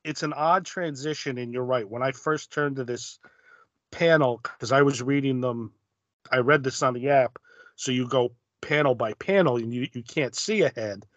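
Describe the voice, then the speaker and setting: A man casually discussing a comic on a podcast. He speaks in a measured way, and his voice trails off softly at the ends of his thoughts. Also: medium pitch, dry recording, muffled recording. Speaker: podcast co-host. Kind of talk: casual chat recapping a comic.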